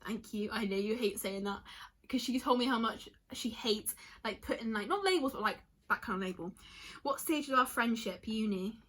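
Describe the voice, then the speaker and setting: A woman's voice: on the high side, expressive, normal speed, a bit bright. A young woman chatting casually in a vlog, reading out answers from friends and reacting as she goes, rambling with lots of "like" and stopping herself mid-sentence. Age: young adult. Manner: chatty and emotional, lots of likes and self-interruptions. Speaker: vlogger.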